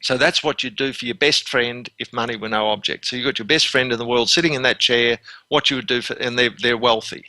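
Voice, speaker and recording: A man in his sixties, a dental consultant telling stories as an interview guest, animated and quick to act out scenes, often repeating words as he restarts. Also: medium pitch, dry recording, low-quality recording. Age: 60s.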